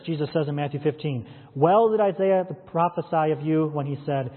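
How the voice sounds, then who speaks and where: A male pastor preaches through a run of scripture verses, pausing to ask his listeners pointed questions. His voice sits a little high and sounds husky. The recording is thin and phone-like, with a long echo from a large hall. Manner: expository preaching, quoting and explaining scripture with rhetorical questions. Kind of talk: sermon.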